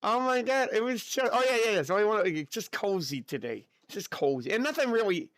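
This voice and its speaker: In clean, dry studio sound, a young man's high-pitched, very animated, slightly bright voice runs a little fast with few pauses. As a virtual streamer in casual livestream chat, he's goofy and chatty, repeats himself, drops Japanese filler words, and sounds a bit tired in the throat.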